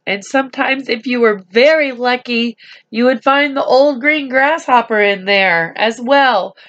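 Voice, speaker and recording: A woman reading a storybook aloud to children, speaking slowly and gently and adding chatty asides to them. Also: fairly high pitch, highs cut off.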